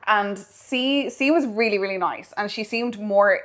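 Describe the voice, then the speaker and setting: A woman co-hosting a chatty podcast, recounting a story with lively, animated delivery and a mid-range voice. She acts out the other people's lines as she goes and drops casual swears. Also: medium pitch, a little slow. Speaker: podcast co-host.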